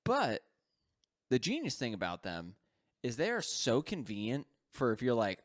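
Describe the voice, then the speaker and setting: A man's voice: fairly low pitch, very animated, normal speed. Laid-back guy swearing casually. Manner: laid-back, swears freely, laughs often. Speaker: podcast co-host. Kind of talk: casual chat.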